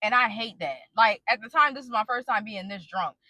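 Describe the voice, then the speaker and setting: A woman's voice: fairly high pitch, brisk, bright, forceful tone, dry recording. A young woman animatedly retelling a personal story to her viewers in a casual storytime vlog, with dramatic asides. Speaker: storytime vlogger.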